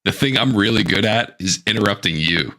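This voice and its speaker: A man's voice: lowish voice, lively intonation, brisk, pushed and bright. A man co-hosting a podcast, chatting casually and teasing his co-host over a home mic. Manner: jokey, teasing. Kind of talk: casual chat. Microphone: home microphone over a call.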